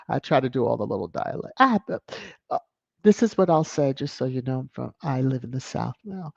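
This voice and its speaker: A woman's voice: extremely low pitch, lively intonation, brisk, creaky, slightly rough, no echo. A woman hosting a celebrity news commentary vlog, sassy and emphatic, repeating phrases for effect. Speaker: vlog host. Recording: dry, dull lo-fi sound.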